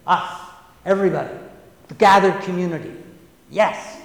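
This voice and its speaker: A male preacher giving a sermon in a church, speaking slowly and deliberately, with emphatic repetitions and conversational asides to the congregation. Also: sits high, creaky. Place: church sanctuary. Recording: roomy church with long reverb.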